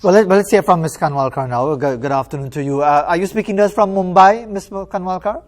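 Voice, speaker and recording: Panel moderator, polite, halting, repeats words, medium-pitched voice. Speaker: interview host.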